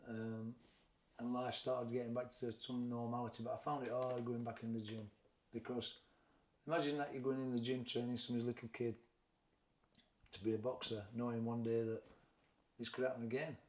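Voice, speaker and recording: A man's voice: mid-range voice, level tone, moderate pace, darkish tone. A middle-aged man with a Sheffield Yorkshire accent, a boxing trainer telling his story frankly and reflectively in an interview. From Sheffield, England. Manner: frank, reflective, plain-spoken. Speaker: boxing trainer and former fighter. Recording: echoey room.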